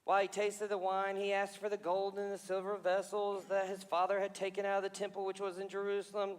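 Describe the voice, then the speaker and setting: Man, pastor, sermon, animated storytelling, high bright voice, echoey church hall. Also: quick pace, few pauses. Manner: animated storytelling, confessional asides. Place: church sanctuary.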